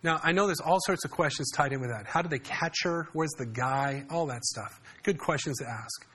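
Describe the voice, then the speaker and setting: A man's voice: fairly high pitch, normal speed, a bit bright, slightly rough. A man preaching a sermon in a conversational way, often asking his congregation questions. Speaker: pastor.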